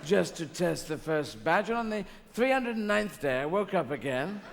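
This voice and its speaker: A man's voice: on the high side, sing-song, normal speed, gravelly. A man playing God the Father as a lazy, pompous old man in a plummy, drawling film-star impression, with a long echo and background noise around him. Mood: grand. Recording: live hall with long reverb and noise.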